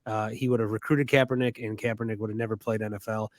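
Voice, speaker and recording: A man hosting a casual sports-picks podcast, making deadpan, wisecracking jokes. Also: on the low side, fast talker, dry recording, studio quality. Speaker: podcast host.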